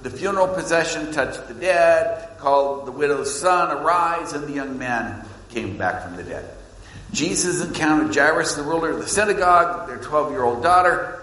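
Preacher with dramatic swings in a reverberant hall. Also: male voice. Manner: dramatic swings between loud emphasis and hushed low lines. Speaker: pastor. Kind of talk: sermon. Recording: echoey hall with long reverb.

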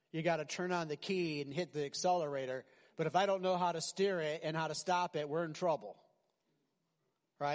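A male pastor preaching an animated, conversational sermon full of rhetorical questions. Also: a little high, long reverb tail.

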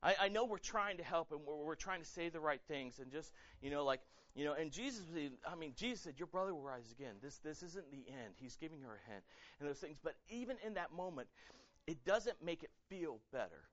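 Male pastor, sermon, chatty and animated, bright voice, fairly high, dull dry lo-fi recording. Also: fairly quick, no room sound. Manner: animated, conversational, acts out quotes, many fillers and repeats.

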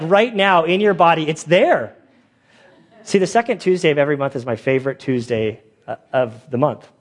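A man preaching a conversational sermon. He is a pastor and police chaplain who tells stories in a loose, chatty way, full of fillers, and acts out the voices of the people in them. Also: medium pitch. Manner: animated storytelling, acts out quoted voices.

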